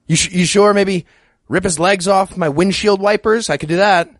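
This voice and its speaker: A man's voice: high voice, fairly even intonation, moderate pace, no echo, studio quality, lightly acted. A man voicing a sarcastic, put-upon male henchman in an improvised comedy skit, incredulous and mocking.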